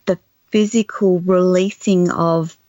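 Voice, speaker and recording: A woman's voice: on the low side, steady tone, slow pace, dark tone, no echo. A woman hosting a podcast, supportive and affirming in casual conversation. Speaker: podcast host. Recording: dull dry sound.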